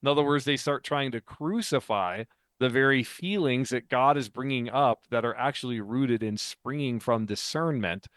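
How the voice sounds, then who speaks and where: In a dry room with no echo, a man with a mid-range, slightly bright voice speaks at a moderate pace. A podcast co-host and author, he chats casually while teaching, talkative and explanatory, laughing often.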